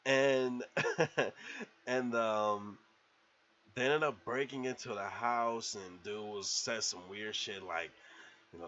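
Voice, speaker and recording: A man's voice: medium pitch, expressive, slow pace, long pauses, sharp tone. A man in a casual movie review vlog, retelling scenes in a rambling, profane, laughing way, on a slightly dull lo-fi recording.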